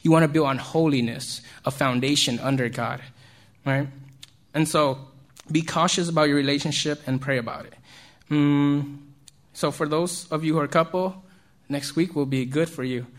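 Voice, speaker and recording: A man's voice: a little high, fairly even intonation, moderate pace. A man giving an informal sermon to young people, keeping it conversational and checking in with his listeners as he goes. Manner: conversational, keeps checking in with "right?"; chuckles between points. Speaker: youth speaker.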